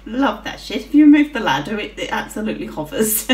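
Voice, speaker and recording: A woman's voice: medium pitch, sing-song, fast, a little mellow, far from the mic. A woman giving casual gameplay commentary, swearing freely and giggling often as she plays. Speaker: gaming channel host. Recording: roomy with faint music.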